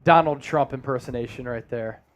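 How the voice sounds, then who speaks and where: A male host chatting on a casual sports live stream, joking around and reading viewers' comments aloud. He sounds relaxed and loose, an everyday speaking voice. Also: mid-range voice, normal speed, muffled recording.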